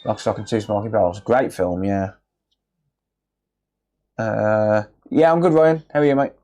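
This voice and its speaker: A man's voice: fairly low pitch, a little slow, dark tone. An English man, an electronics repair technician, chatting casually to viewers while working on a livestream, rambling and answering them by name.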